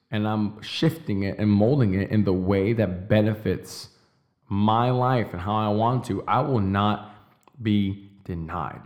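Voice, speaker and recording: Young male podcast host, lowish voice, intense and profane, slow hammered-out declarations. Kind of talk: motivational monologue.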